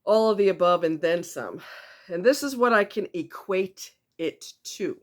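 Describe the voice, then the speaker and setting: A woman from the northeastern United States, talking casually to camera as a self-help vlogger, chatty and quick to laugh, repeating words for emphasis. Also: lowish voice, animated.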